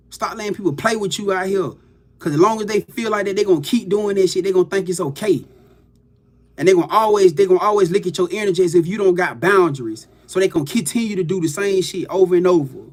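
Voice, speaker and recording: A man giving a loose, profane, hyped-up motivational pep talk to his viewers as a livestream host. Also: sits high.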